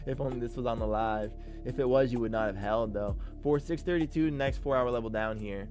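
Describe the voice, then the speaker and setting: A man's voice: mid-range voice, a little fast, few pauses, a little mellow. Man, day trader, live commentary, music playing behind. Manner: hyped, slangy market talk.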